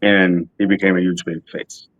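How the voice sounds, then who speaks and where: A man's voice: sits low, little pitch movement, normal speed, no echo, dull audio. A man chatting casually on a podcast, offhand and blunt, with a bit of swearing and hunting for words. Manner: offhand, swears, loses his train of thought. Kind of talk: casual chat.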